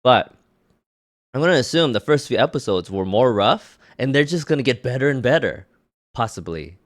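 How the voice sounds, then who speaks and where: A man co-hosting a podcast in casual chat, animated and teasing, often repeating words. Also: medium pitch, moderate pace. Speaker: podcast co-host.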